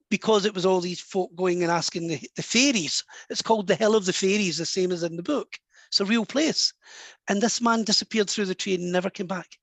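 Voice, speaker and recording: A Scottish man, a medium and author, telling a personal story softly and warmly in an interview. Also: high voice, no echo. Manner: soft, warm and anecdotal, drops to a hush at moving moments.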